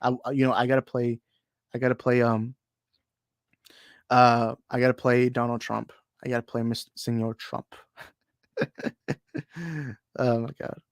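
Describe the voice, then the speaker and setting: A man's voice: medium pitch, monotone, measured pace, long pauses, clean tone, no echo, clean studio sound. A young man from the United States hosting a casual movie livestream, rambling and joking, often losing his thread and laughing, talking into a desk mic at his computer. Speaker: movie podcast host reading chat.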